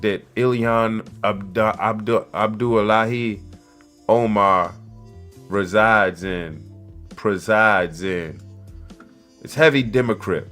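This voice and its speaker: A man doing casual commentary, loud and excitable, full of slang and jokey asides to his viewers while reading articles aloud. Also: lowish voice. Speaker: commentary podcaster.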